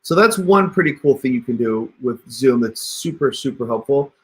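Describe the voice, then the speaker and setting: The livestream host has a medium-pitched, fairly bright voice with lively intonation and a moderate pace. Talking into a computer mic, he walks viewers through steps on screen in a chatty style and addresses them as "you guys."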